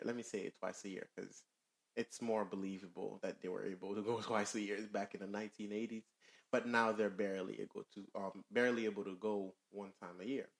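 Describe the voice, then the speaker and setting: Lower-voiced man explaining casually. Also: creaky. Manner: explaining, searches for words with fillers. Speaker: podcast co-host. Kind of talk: casual podcast chat.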